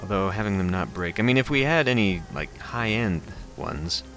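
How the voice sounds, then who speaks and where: Male let's-play host, deep, unsure musing over game choices. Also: expressive, normal speed, a bit bright, faint music behind. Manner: hesitant, thinking aloud with fillers. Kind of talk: game commentary and reading aloud.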